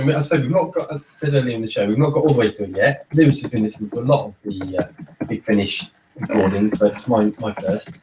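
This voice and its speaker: A man's voice: mid-range voice, background noise. A man chats on a casual podcast and rambles, stumbling over repeated words as he gathers his thoughts. He sits back from the microphone, so his voice sounds distant. The room adds a noticeable echo. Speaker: podcast co-host. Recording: roomy echo, far from mic.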